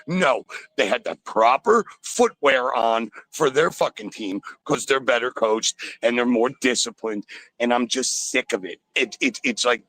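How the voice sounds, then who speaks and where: A man rants into a call-in sports show from inside a store. He is angry and loud, swearing freely. His voice sits at a middle pitch and sounds dry and close. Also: lively intonation, measured pace, no room sound, rough recording. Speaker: caller. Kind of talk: call-in sports radio rant.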